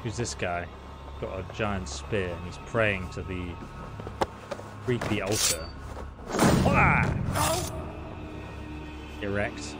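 A man's voice: low voice, steady tone, measured pace, long pauses. A man giving casual, jokey, sarcastic commentary while playing a video game. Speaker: gameplay commentator. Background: game music and sounds.

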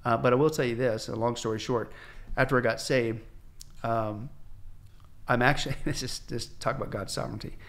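Man, pastor, podcast guest, animated testimony, acts out quoted voices. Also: medium pitch, brisk. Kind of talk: candid testimony storytelling. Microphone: podcast microphone.

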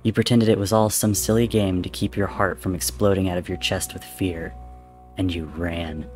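A man voicing a vengeful ancient male god in a dramatic story reading, speaking low and hushed with taunting menace. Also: flat delivery, moderate pace, faint music behind, lightly acted. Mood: menacing.

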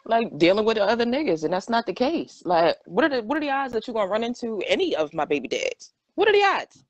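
A woman's voice: on the high side, very animated, fast, no room sound, lo-fi sound. A young woman hosting a livestream podcast, teasing and blunt in casual chat. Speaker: podcast host.

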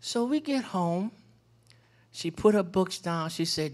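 A man speaking as a panel guest, telling animated stories about fatherhood and repeating phrases for emphasis. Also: sits high, slow. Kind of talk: personal storytelling in a community panel.

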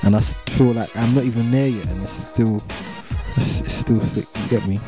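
With a fairly low pitch and normal speed, a young English rapper talks casually in an interview. He leans on a London street accent and heavy slang, repeats himself in a relaxed manner, and music plays under his voice.

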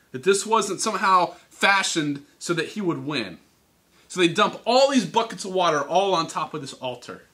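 A man preaching to teens, telling a Bible story with animated, teasing character voices. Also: sits high. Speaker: youth speaker. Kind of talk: youth sermon storytelling. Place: church hall.

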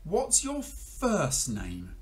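A man voicing a clever, bossy male frog, reciting rhymes in a brisk rhythm from a storybook. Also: on the high side, huge pitch swings, pitched above the performer's own voice, exaggerated voice. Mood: brisk, rhyming.

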